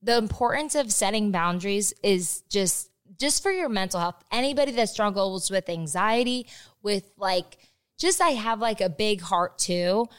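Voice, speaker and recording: A woman's voice: mid-range voice, animated, normal speed, clear, resonant tone. A woman guest on a podcast, chatting candidly, laughing often and swearing freely. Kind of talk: casual chat.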